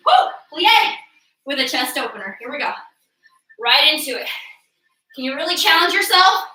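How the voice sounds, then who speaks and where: An out-of-breath woman leads a workout class with a very high, bright voice, cheering and whooping her class along. She sounds set back from the mic in a very echoey room. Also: moderate pace, recorded from a distance. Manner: energetic, encouraging, frequent whoops and cheers. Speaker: fitness instructor.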